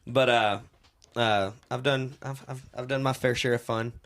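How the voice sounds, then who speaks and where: A man co-hosting a podcast, telling stories in a casual, animated way. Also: mid-range voice, moderate pace. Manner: animated storyteller who acts out quoted voices. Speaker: podcast co-host. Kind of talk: casual storytelling chat.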